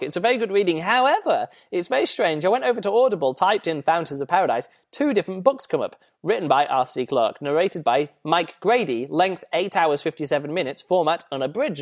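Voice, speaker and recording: An English man hosting a podcast, reviewing a book in a rambling, chatty way with lots of fillers and restarts. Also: a little high. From England. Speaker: podcast host.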